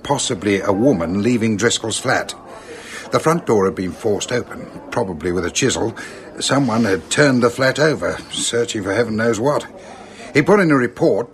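An actor playing a brisk, matter-of-fact police inspector in a radio drama. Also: male voice, mid-range voice, close to an everyday voice. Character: brisk male Scotland Yard inspector. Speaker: police detective.

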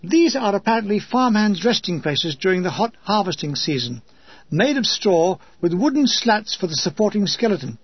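A man's voice: sits high, sing-song, moderate pace, husky, dry recording, muffled recording. A man reading a memoir in a dry comic storytelling manner. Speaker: narrator. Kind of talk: scripted memoir narration.

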